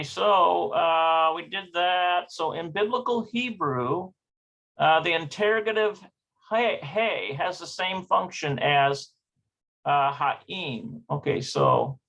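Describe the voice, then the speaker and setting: A man leads an unhurried online language lesson, hesitating and checking each pronunciation as he goes. His voice sits a little high, with a bright tone and a gravelly fry. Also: muffled recording. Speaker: Hebrew teacher.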